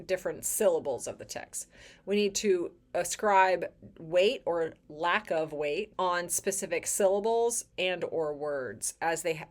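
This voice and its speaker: In an educational video on choir technique, a woman with a somewhat low voice speaks clearly and with emphasis. Now and then she sings short examples.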